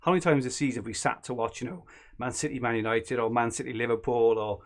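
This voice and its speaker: A man's voice: medium pitch, steady tone, fast talker. A man co-hosting a podcast, chatting in a rambling, joking way. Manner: rambling, self-correcting, joking. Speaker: podcast co-host. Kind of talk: casual banter.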